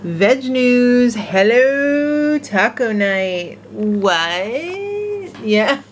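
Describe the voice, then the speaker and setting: A woman vlogging casually, chatting and telling stories in an animated way. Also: a little high, drawn-out words, slight background noise. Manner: chatty, animated storytelling with laughs. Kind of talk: casual vlog chat.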